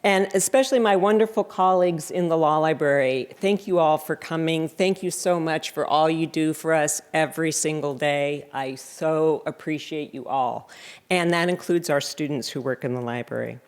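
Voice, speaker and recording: A woman in her fifties, with a deep, clean-toned voice and a moderate pace, accepts an award at a library reception. Her thank-you speech is wry, sarcastic, and self-deprecating.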